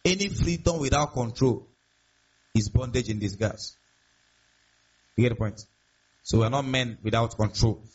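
A pastor with a mid-range, slightly breathy voice preaches a sermon at a moderate pace, pausing often. He's emphatic and repetitive, frequently posing rhetorical questions to the congregation, in a dull lo-fi recording.

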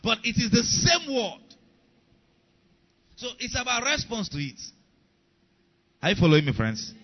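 A man's voice: extremely high pitch, huge pitch swings, unhurried, highs cut off. A middle-aged male pastor preaching a sermon, emphatic, repeating key lines and asking the congregation if they follow.

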